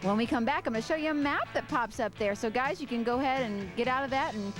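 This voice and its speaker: A woman's voice: on the high side, fast talker, over music. A woman co-hosting a live call-in radio show, bubbly and chatty as she walks through a website. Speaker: co-host. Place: radio studio.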